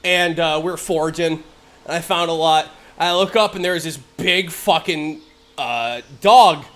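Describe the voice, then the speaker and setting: A young man streaming live, telling funny family stories in casual chat. He is animated, laughs a lot and swears freely. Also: on the high side, unhurried. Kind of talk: casual storytelling while gaming.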